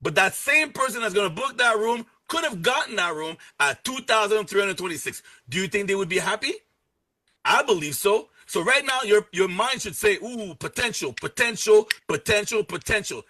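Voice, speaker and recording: A man giving an energetic live sales pitch, repeating key words and joking with his chat audience. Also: normal speed. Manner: energetic, repetitive, salesy, playful asides. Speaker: presenter pitching a travel membership.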